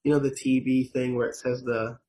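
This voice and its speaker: Man co-host, mid pitch, agreeable and reactive, casual podcast chat. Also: little pitch movement, a little fast, dark tone, rough recording. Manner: agreeable, reactive, short interjections.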